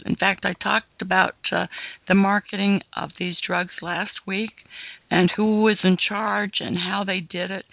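A woman guest on a radio interview, talking earnestly with many halting restarts. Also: mid-range voice, creaky, no room sound. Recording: tinny phone line.

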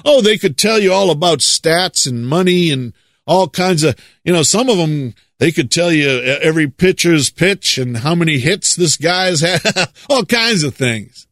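Emphatic preaching man, higher voice. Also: expressive, a bit bright, no room sound, clean studio sound. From United States. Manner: emphatic, drawn-out stresses, repeats words for effect. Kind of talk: preaching monologue.

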